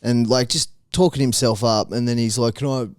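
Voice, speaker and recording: A young Australian man co-hosting a podcast, relaxed and sweary as he tells stories. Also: mid-range voice, moderate pace, smooth, no echo, clean studio sound. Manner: laid-back, sweary storyteller. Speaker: podcast co-host. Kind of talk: casual chat.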